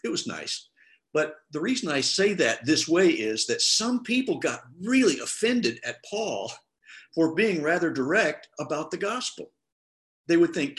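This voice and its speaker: Speaking a little slowly and on the high side, this middle-aged male pastor preaches in a conversational way. When he quotes others, he performs their lines with lively voices.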